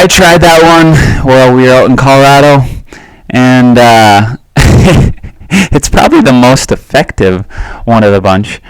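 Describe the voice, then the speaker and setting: Slow, laid-back male podcast host. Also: medium pitch, clean tone, no room sound. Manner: relaxed, rambling, frequent fillers and chuckles. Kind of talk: casual solo podcast monologue.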